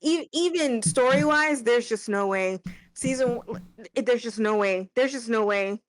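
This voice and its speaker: A woman's voice: on the high side, measured pace, poor audio. A woman co-hosting a reaction channel, talking bluntly and heatedly in casual review chat, with swearing.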